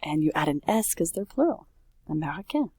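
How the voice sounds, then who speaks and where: A woman's voice: deep voice, sing-song, a little fast, a little mellow, husky, no room sound, clean studio sound. A woman French teacher talking casually through a worksheet, correcting herself and saying oops as she goes. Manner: chatty, self-correcting, says oops often.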